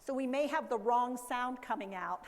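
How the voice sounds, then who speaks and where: A woman educator giving a lively conference talk, acting out baby talk and caregiver voices along the way. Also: fairly high pitch, moderate pace, in a large hall. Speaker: dementia care educator. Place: conference hall.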